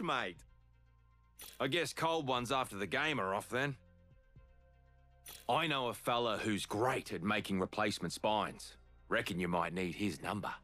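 A male actor with an Australian accent voices a rowdy, boastful older demolitions brawler for video game lines, gruff and jokey. His mid-range voice has a sharp tone.

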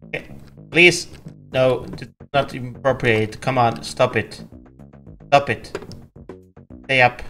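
A man's voice: mid-range voice, fairly bright tone. A man hosting a let's play, commenting on his game, often laughing and pleading at it. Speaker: gaming channel host.

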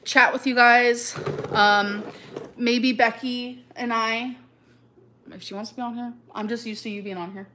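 A woman's voice: fairly high pitch, steady tone, measured pace, background noise. A woman hosting a casual live chat with viewers, rambling and chatty with many fillers and little laughs. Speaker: live stream host.

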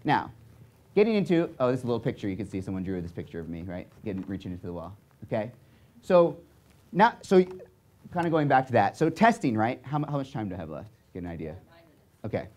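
A young man speaking to an audience, telling a story in an animated way and checking in often with "right?" and "okay?". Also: lowish voice, fast.

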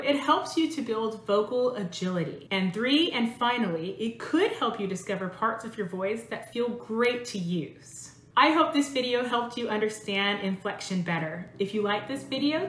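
A woman voice coach giving a clear, measured instructional lesson. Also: medium pitch, a bit bright. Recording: roomy echo.

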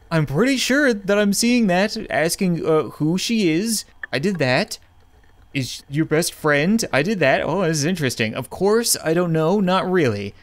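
A man's voice: on the high side, dry recording. A young man playing a chat game, reading messages aloud in a jokey, mock dramatic way. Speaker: gaming YouTuber.

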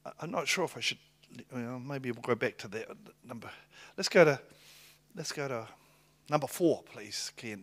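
A middle-aged man preaching a sermon, telling stories in a lively, excitable way and laughing between lines. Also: medium pitch. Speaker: pastor. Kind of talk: sermon with storytelling.

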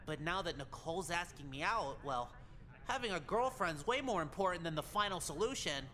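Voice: mid-range voice, lively intonation, pushed and bright. A voice actor doing a sheepish teen boy. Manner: sheepish, quick excuses. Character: awkward teen boy student, eager for a girlfriend. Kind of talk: game character voice acting.

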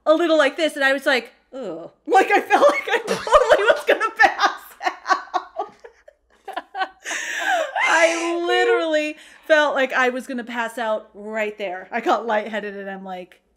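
A woman's voice: high-pitched, a little slow, fairly bright tone. A woman in her thirties, a mother, co-hosting a casual podcast in a chatty, self-deprecating way with frequent "um"s. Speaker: podcast co-host. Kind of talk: casual chat.

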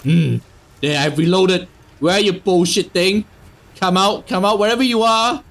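A young man giving sarcastic let's play commentary on a horror game, swearing and yelling at jump scares. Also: high-pitched, normal speed. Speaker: gaming YouTuber.

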